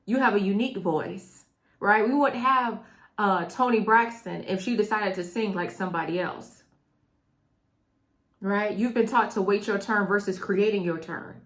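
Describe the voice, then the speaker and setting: A woman's voice: medium pitch, measured pace, fairly bright tone. Woman, middle-aged, motivational talk to camera, punchy and repetitive, speaks straight to the viewer. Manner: emphatic and preachy, repeats phrases, talks straight to the viewer. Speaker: mindset coach.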